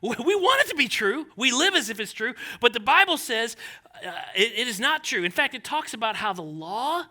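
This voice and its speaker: Male pastor, high voice, animated sermon delivery. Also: fairly quick. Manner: animated, conversational with jokey asides.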